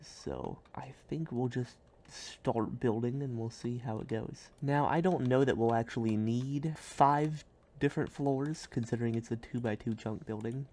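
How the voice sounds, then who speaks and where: A man talks through a building game in a loose, rambling way. He jumps from quiet musing to sudden goofy yelps and silly bits. Keyboard clicks and typing are heard behind him. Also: mid-range voice, gravelly. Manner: goofy, rambling, bursts of silly loud outbursts. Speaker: streamer. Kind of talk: casual gameplay commentary.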